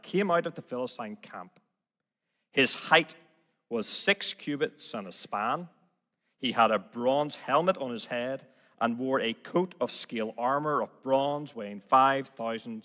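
A man with a Northern Irish Belfast accent preaches a sermon, his bright, clear voice carrying through a large church hall. He reads scripture with gentle, self-deprecating ease, and the long reverb trails every phrase. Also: mid-range voice. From Northern Ireland. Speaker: guest preacher.

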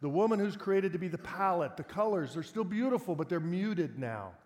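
A man's voice: sits high, expressive, normal speed, darkish tone. A male pastor preaching a sermon in a conversational way, asking his listeners rhetorical questions. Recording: long hall reverb.

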